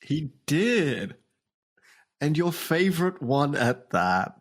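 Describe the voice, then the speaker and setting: A man's voice: a little high, big pitch swings, slow pace. A man co-hosting a podcast in casual chat, teasing his partner and laughing often. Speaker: podcast co-host.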